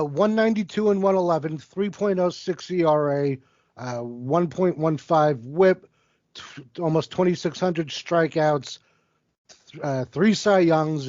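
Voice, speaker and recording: A man's voice: a little high, a little slow, darkish tone, dry recording. A man in his forties co-hosting a casual sports podcast, cursing freely and rattling off statistics. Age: 40s. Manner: profane, rattles off stats. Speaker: podcast co-host. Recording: dull lo-fi dry recording.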